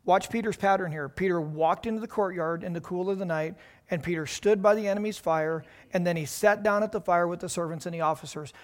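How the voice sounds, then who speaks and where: A man's voice: high-pitched, brisk. A pastor preaching a sermon to a congregation, driving his points home with rising emphasis and rhetorical questions.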